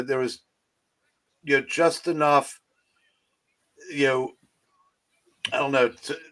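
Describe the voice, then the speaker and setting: A man co-hosting a casual movie chat over a streaming call mic. He rambles and halts, restarting his sentences over and over. His voice sits at an ordinary middle pitch. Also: a bit bright. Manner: rambling, halting, with many restarts. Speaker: co-host of a movie talk stream.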